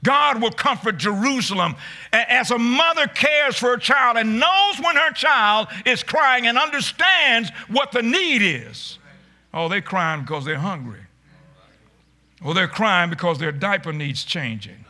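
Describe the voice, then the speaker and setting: A male pastor delivers a sermon in a high, very bright, cutting voice. He calls on his congregation to respond, stumbles over and repeats his words, and swells into shouted emphasis. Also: very animated, unhurried.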